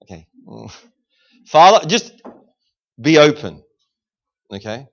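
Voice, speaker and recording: A man preaching an energetic sermon in a church service, calling out to the congregation for responses. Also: fairly high pitch, slow pace, gravelly, lo-fi sound. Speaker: guest preacher.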